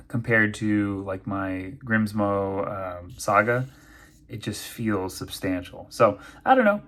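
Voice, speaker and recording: Chatty man thinking aloud. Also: on the low side. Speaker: knife and pen reviewer. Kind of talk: casual unboxing review.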